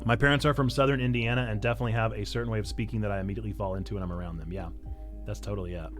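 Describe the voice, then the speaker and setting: A pastor from Illinois with a Northern Illinois accent, chatting casually on a livestream and answering chat in a playful, self-mocking way. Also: male voice, lowish voice, fairly even intonation, racing, soft background music. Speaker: pastor and streamer.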